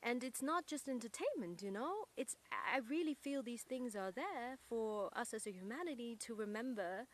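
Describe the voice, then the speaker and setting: A woman being interviewed, speaking in an earnest, searching way and pausing to find her words. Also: fairly high pitch, expressive. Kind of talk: reflective interview talk.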